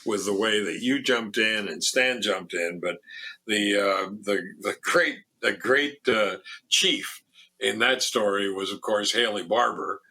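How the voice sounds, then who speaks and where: A man's voice: on the low side, unhurried, pushed and bright. An older man, a former foundation president, telling a story in an interview, quoting others with a raised voice and often restarting his sentences. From Miami.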